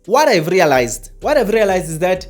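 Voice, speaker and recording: A man's voice: high voice, very animated, moderate pace, soft background music. A South African man with a South African accent, giving an emphatic, indignant opinion vlog and hammering his points through repetition. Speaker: vlogger.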